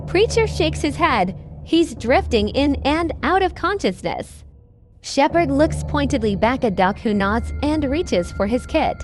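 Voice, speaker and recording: A woman narrates a scripted horror story in a slow, measured way. Her voice is high and lively in pitch, and faint music plays behind her.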